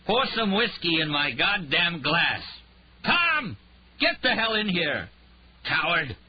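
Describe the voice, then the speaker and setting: A man narrator voicing a drunk, raging male detective who snarls and shouts. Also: deep voice, sing-song, measured pace, muffled recording, a little hiss or hum. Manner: snarling, shouting, slurred rants.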